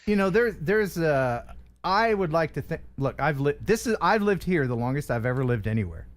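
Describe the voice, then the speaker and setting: A man hosting a casual livestream chat with a neutral American broadcast accent. He jokes and talks in an animated way. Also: moderate pace. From Philadelphia area, US. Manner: joking, animated, jumps in pitch when excited. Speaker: host.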